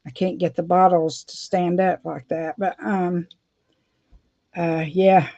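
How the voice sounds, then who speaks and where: A woman's voice: fairly low pitch, flat delivery, slow pace, warm tone, no echo. A middle-aged woman, chatting casually and rambling with frequent laughs while doing her nails for a vlog. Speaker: beauty vlogger. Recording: dull dry lo-fi sound.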